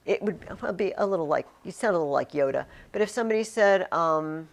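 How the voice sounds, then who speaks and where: A woman's voice: fairly low pitch, animated, fast talker, gravelly. Chatty woman teaching a Latin class. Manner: chatty, emphatic, many fillers and restarts. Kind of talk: classroom lesson.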